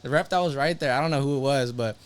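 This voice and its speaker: A young man, a fighter being interviewed, telling his story in a brash, profane, animated way. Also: mid-range voice, fast, noisy background. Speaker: MMA fighter, interview guest. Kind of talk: casual interview talk.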